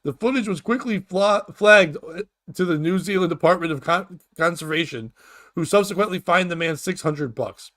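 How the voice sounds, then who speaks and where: High-voiced man ranting for comedy. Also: moderate pace. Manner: animated, profane, laughs at his own jokes. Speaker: comedy podcast host. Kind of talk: profane comedic news rant.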